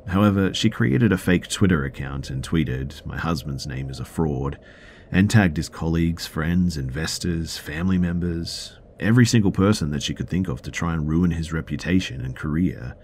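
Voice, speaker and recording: A man narrating a first-person story in a measured, matter-of-fact way. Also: deep voice, a little mellow, slight background noise.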